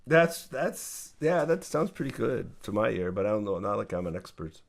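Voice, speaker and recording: A man's voice: on the low side, sing-song, normal speed, gravelly. A man co-hosting a podcast in casual chat, self-deprecating and hesitant, often restarting his sentences. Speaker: podcast co-host.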